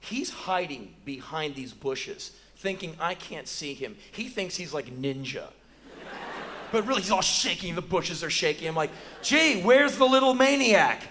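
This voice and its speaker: An American man in his forties telling a profane, animated story as live spoken word on a theater stage, bursting into shouts now and then. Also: on the high side, moderate pace. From United States. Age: 40s.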